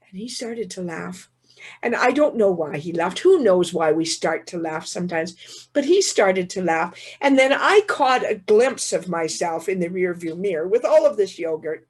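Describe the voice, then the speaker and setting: A woman gives a keynote talk and tells a funny story from her own life. Her voice is slightly husky and breathy, and her pitch swings up and down a lot. She tells it vividly and often repeats a word as she starts a line again. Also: expressive, normal speed. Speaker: keynote speaker.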